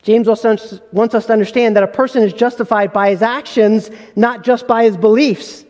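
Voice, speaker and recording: High-voiced male pastor preaching emphatically. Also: steady tone, moderate pace, a little mellow, big-room sound. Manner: emphatic, full of rhetorical questions. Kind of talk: sermon.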